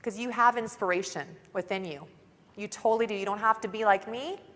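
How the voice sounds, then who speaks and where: This young woman speaks fairly quickly in a mid-range, slightly bright voice. She's a conference speaker delivering an upbeat, chatty motivational talk full of "like," recorded on a stage mic in a large hall that lends a long reverb.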